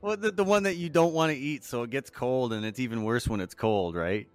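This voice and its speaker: A man's voice: medium pitch, fairly quick, faint music behind. A man, co-hosting a casual gaming podcast in an easygoing way and prompting his partner with questions. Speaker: podcast co-host.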